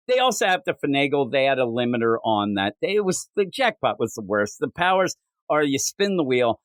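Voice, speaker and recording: Animated man recapping comics. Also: medium pitch, fairly quick, no room sound. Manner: animated, acts out dialogue in voices. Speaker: comic book podcast co-host. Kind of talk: casual chat, recapping comics.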